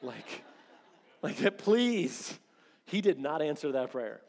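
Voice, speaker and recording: Pastor, 30s, man, slightly high voice, chatty animated preaching, big echoey hall. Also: slow pace, vocal fry, a faint crowd. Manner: conversational, animated preaching with acted-out quotes. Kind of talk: sermon. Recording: long reverb of a large hall.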